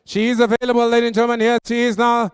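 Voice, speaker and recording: A man auctioning vans with a very high, smooth, clear voice. He races through the bids in a breathless chant, then slows down to crack jokes and hype each vehicle to the buyers. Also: flat delivery. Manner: joking, high-energy patter with rapid-fire bidding calls. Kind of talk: rapid auction chant and sales patter.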